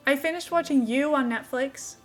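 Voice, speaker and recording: A woman's voice: high voice, moderate pace, soft background music. A young woman streamer chatting casually while playing a game, rambling with lots of "like" fillers and light laughs.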